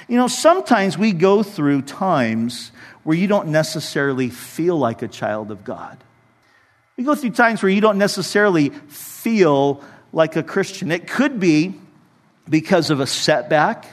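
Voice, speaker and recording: A man's voice: on the high side, sing-song, a little slow. A man in his forties preaching a conversational sermon as a pastor, acting out his own past prayers in a church. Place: church sanctuary. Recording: reverberant hall.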